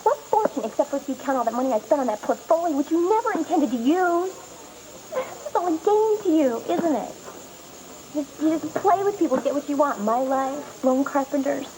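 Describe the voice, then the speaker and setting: A frantic young student. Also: female voice, high voice, expressive, a little fast, mellow, slight background noise, rough recording. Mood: indignant. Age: young adult. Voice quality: agitated, pleading. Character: young female student, anxious and defiant. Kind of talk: 1990s TV soap opera acting. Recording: TV audio with music underneath.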